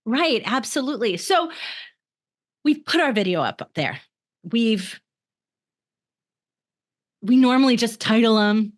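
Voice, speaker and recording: A woman co-hosting a live podcast in a chatty, upbeat way. Her voice sits fairly high, and she laughs easily between her points. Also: expressive, unhurried, pauses often. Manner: enthusiastic, laughs often. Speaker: podcast co-host. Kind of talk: casual chat.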